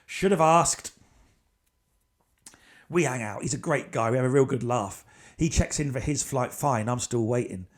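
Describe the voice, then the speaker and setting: A man, a comedy podcast host, telling an off-the-cuff story in an animated way, building the tension and racing through parts of it. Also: mid-range voice, fairly quick.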